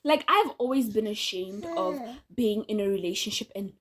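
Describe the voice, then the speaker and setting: A woman's voice: medium pitch, animated, normal speed, fairly bright tone, husky. A woman, talking casually and frankly to her viewers, often breaking into laughter. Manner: opinionated, chatty, laughs often, addresses viewers directly. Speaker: vlogger and podcaster. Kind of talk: casual direct-to-camera monologue.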